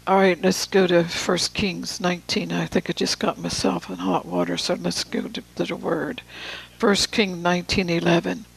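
A preacher giving a sermon, reading scripture with slow, deliberate emphasis and casual asides to the room. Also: medium pitch, little pitch movement, gravelly, fairly bright tone, slightly rough, poor audio.

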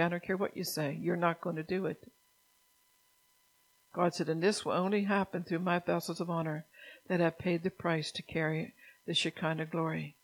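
Fervent preaching woman, flat delivery. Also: lowish voice, fairly quick, vocal fry, low-quality recording. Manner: fervent, scolding, rising to loud emphatic bursts. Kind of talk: sermon.

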